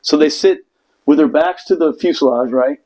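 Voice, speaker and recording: A man's voice: a little high, normal speed, mellow, rough recording. A man, a Marine veteran, telling stories in a casual chat, profane and laughing through them.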